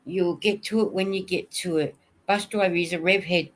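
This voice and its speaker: A woman's voice: on the low side, steady tone, moderate pace. A woman hosting a casual livestream, chatting and answering viewer comments. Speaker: knitting vlogger hosting a livestream.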